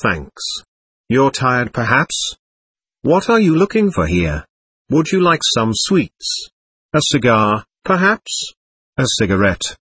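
A man reading the lines of a restless, generous young man in an audiobook, with a husky voice. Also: medium pitch, sing-song, slow, a bit bright, no room sound, exaggerated voice. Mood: eager.

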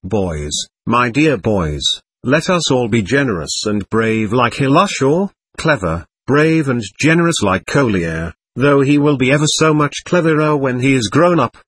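A gentle, earnest young man speaks with heartfelt warmth to the boys around him, as a male narrator reads him. His voice is husky, and it rises and falls with feeling. The recording is dry and close. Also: medium pitch, big pitch swings, measured pace, few pauses, dry recording. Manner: warm, heartfelt, pleading.

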